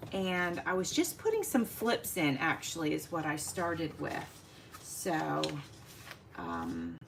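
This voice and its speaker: A woman hosting a casual craft livestream, chatting warmly with viewers by name and laughing often as she works. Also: mid-range voice, a little hiss or hum.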